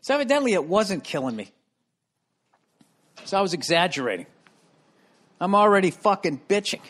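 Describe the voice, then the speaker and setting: A middle-aged man hosting a podcast from his home, rambling loudly and profanely and losing his train of thought. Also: high-pitched, very animated, normal speed. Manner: profane, loud, easily sidetracked. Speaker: podcast host. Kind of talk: rambling comedic monologue. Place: room at home.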